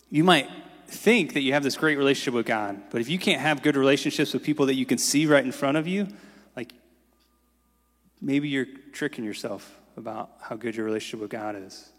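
A man's voice: medium pitch, normal speed, a bit bright. A man preaching a sermon as pastor in a casual, conversational way, often saying "like". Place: church sanctuary. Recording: long reverb in a large hall.

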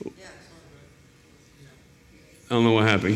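A man preaching a sermon in a church, telling a personal story in an emphatic, lively storytelling manner. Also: on the high side, moderate pace. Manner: storytelling, emphatic, shouts when reliving anger. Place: church hall. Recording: echoey church hall.

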